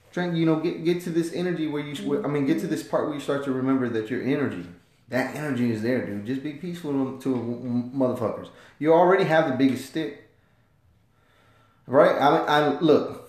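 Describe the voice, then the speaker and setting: A man from the United States, a former Marine, talking in a casual podcast monologue, rambling and heavy on profanity with loud emphatic swings. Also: medium pitch, roomy sound.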